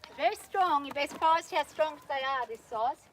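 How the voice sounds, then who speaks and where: A woman with a high voice talks through a horse training session on a farm. She coaxes the animal softly and explains each step plainly and patiently. Faint outdoor sounds and animal noises sit behind her. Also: moderate pace, slight background noise. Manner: calm and patient, coaxing the horse in a soft praising voice; explains steps plainly to viewers while working. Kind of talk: hands-on training commentary.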